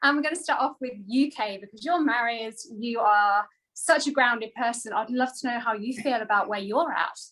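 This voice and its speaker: A woman's voice: fairly high pitch, moderate pace, few pauses, a bit bright, rough recording. Upbeat woman co-host talking to the audience. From outside the United States. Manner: enthusiastic, talks straight to the audience. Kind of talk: casual chat.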